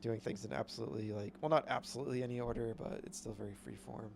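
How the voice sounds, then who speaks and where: A man's voice: mid-range voice, steady tone, fast, vocal fry, a little hiss or hum. A man streaming a video game, chatting casually with rambling, upbeat commentary. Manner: rambling, self-correcting, upbeat.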